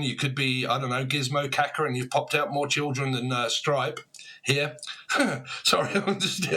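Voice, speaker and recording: A man's voice: mid-range voice, bright, forceful tone. A man giving a rambling, casual tarot reading from a home room, jumping from one thought to the next. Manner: rambling, free-associating, chuckling. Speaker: tarot reader.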